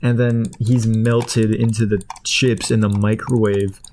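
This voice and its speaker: A man rambling through the plot of a movie while clicking away, jumping into high squeaky voices for the characters. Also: little pitch movement, a little slow, a little mellow, slight background noise. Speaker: streamer. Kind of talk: casual chat while clicking.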